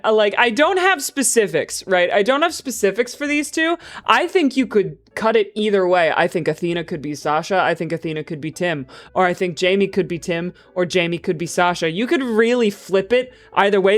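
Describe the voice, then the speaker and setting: Excitable woman streamer, faint music behind. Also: medium pitch. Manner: excitable, swears, laughs often. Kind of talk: casual livestream chat.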